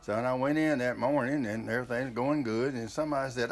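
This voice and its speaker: A man's voice: medium pitch, quick pace, vocal fry. An older man, telling a family story in a rambling, casual way with frequent restarts.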